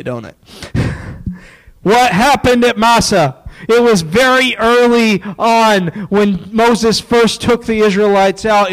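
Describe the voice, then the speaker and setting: A man preaching a sermon in a folksy, joking way, dropping into quiet asides. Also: high voice, low-quality recording.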